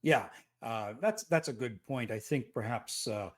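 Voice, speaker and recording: A man's voice: medium pitch, unhurried. A man running a tabletop game as game master, talking hesitantly with many fillers.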